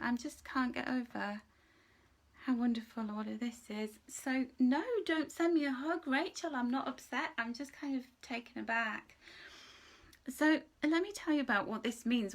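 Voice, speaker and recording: An emotional woman reads angel cards live with a slightly high voice. She gushes warmly over each card and sounds close to tears as she talks. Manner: emotional, gushing, tearful at times. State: tearful. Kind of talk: live card reading chat.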